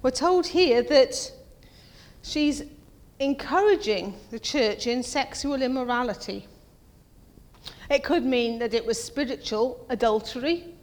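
A woman preaching a conversational sermon, asking her congregation questions and acting out quoted voices. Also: takes it slowly. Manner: acts out quoted voices in a higher pitch. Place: church. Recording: long reverb of a church hall.

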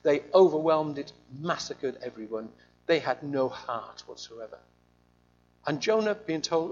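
A man preaching a sermon in an animated, conversational storytelling way, on a slightly muffled recording. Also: a little high, unhurried, slight background noise.

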